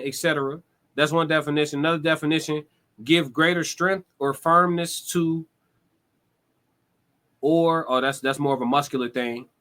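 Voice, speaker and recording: A man's voice: a little high, bright, forceful tone. A man streaming a casual monologue, direct and laid-back, with slangy, conversational talk.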